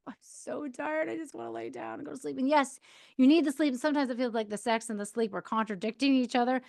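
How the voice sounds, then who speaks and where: A woman in her thirties hosts a podcast, offering candid, chatty advice in a casual monologue full of fillers. Her voice is mid-range, and the recording is dry with clean studio sound.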